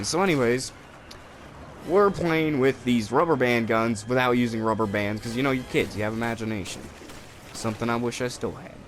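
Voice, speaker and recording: The recording has a little hiss or hum, and the young man's voice sits in the mid range. He co-hosts a gaming video, swearing heavily and rambling as he tells animated stories mid-game, raising his voice for quoted lines.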